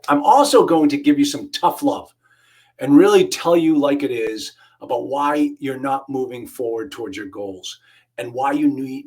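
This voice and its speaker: Middle-aged guy running a webinar, husky voice, salesy, lots of ums and restarts. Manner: energetic sales pitch with frequent fillers and restarts. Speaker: webinar host, real estate investing coach. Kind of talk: live webinar presentation.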